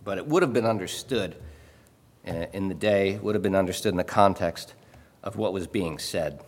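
A man preaching a sermon in a conversational way, often pausing to ask "okay?" and repeating words as he explains. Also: deep voice. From Illinois. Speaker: pastor. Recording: long hall reverb.

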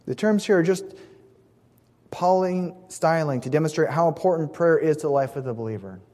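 A man's voice: a little high, lively intonation, fairly quick, darkish tone. A man preaching a sermon in an earnest, emphatic way, stressing key words and sometimes restarting a phrase. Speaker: pastor. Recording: long hall reverb.

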